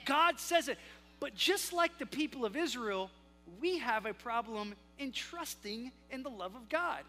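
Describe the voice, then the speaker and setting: A male pastor preaching a sermon, with a dynamic delivery that swings between loud emphasis and hushed asides. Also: very high voice, animated, a little slow. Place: church sanctuary. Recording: long hall reverb with faint music.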